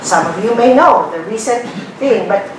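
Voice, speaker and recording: A Filipino woman giving a guest lecture to a business class, blunt and animated, firing off rhetorical questions. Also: mid-range voice, moderate pace, recorded from a distance, slight background noise. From Philippines. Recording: very echoey room recording from afar.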